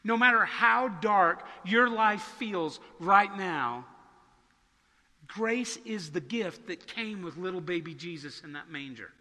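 A man preaching in a church sanctuary, his high, very bright voice carrying a long hall reverb. He talks conversationally and slows down to stress key words. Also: animated. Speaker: pastor. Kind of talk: sermon.

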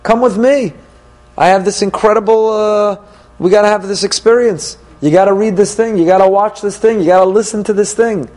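An excited, pushy tempter, as a man puts him on, pitched well above his usual voice and pressing hard. He urges like a salesman, insistent and worked up. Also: fairly quick, close to an everyday voice. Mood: eager, urging. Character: eager tempting male friend pushing something new. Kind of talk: acted quote in a lecture.

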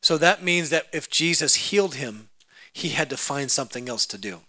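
A man preaching a lively sermon, acting out quotes in voices, joking and laughing, building to loud, fervent shouting. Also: on the high side, normal speed. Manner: dramatic, acts out quotes in voices; humorous, laughs at own jokes.

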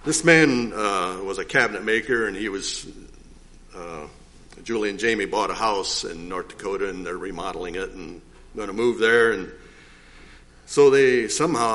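Older man, lowish voice, rambling folksy church testimony with throat clearing. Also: fairly bright tone. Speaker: church member giving testimony. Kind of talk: informal testimony.

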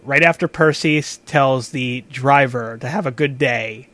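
A man's voice: mid-range voice, unhurried, fairly bright tone, no room sound. Rambling man with a dry close sound. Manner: rambling, restarts often, swears casually. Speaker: game master and podcast host. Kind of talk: casual chat.

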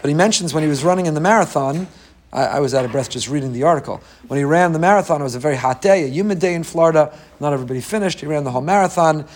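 A man teaching a Torah class in a lively way, often acting out the people he quotes. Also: racing. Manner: animated, acts out quoted voices with rising pitch. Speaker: rabbi.

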